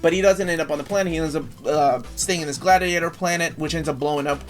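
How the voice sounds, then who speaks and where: Man, high-pitched, animated profane storyteller, casual podcast co-host. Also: quick pace, faint music behind. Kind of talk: casual comic-book podcast chat.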